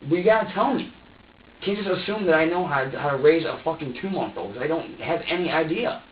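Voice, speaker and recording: Being interrogated by police, a young man with a higher voice and lively intonation speaks fairly quickly, rambling and repeating himself defensively. A distant room microphone gives tinny, echoey audio with a touch of hiss or hum.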